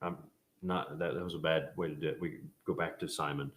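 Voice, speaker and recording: A man teaching a Bible class in a casual, joking way, telling animated stories. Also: very deep voice, fairly quick, echoey room.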